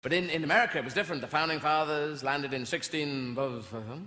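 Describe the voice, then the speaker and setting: A man's voice: on the high side, quick pace, pushed and bright. A man doing stand-up comedy with rambling, playful storytelling, with long hall reverb and audience noise.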